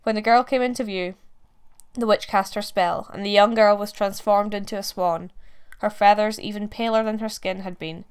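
A woman reading a folk tale aloud in a measured, expressive storytelling manner. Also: medium pitch, clean tone. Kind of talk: scripted narration.

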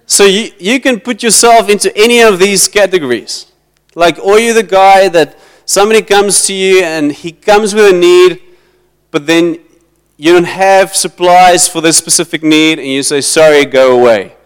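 A man's voice: high voice, moderate pace, clean tone. A man preaching a sermon in a church hall, acting out dialogue as he goes. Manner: animated, acts out dialogue, switches between English and Afrikaans. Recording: long reverb of a hall.

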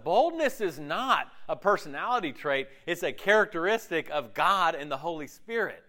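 A man's voice: sits high, lively intonation, normal speed, few pauses, pushed and bright. A man preaching a sermon in a conversational way, often asking his listeners questions and acting out the voices in their heads. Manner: conversational, asks the audience often; acts out inner voices in quotes. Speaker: pastor.

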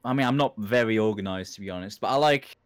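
A man's voice: lowish voice, fast talker, no room sound, studio quality. A British man, a guest streamer, chatting casually and self-deprecatingly in an interview, laughing easily.

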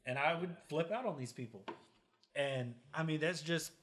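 A man's voice: a little high, moderate pace, fairly bright tone. A man in casual podcast chat, telling blunt, profane stories about snakes and people.

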